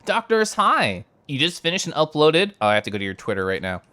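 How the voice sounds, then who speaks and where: A man streaming a video game, chatting casually and excitedly while reading chat aloud and giggling. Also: fairly high pitch, fairly quick, no echo.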